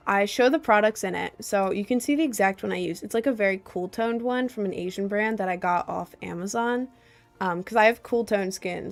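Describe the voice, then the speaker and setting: Young female streamer, mid-range pitch, vocal fry, loose and self-deprecating delivery. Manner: rambling, self-deprecating, giggly. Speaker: livestreamer reading chat. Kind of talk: casual livestream chat. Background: faint Celtic music.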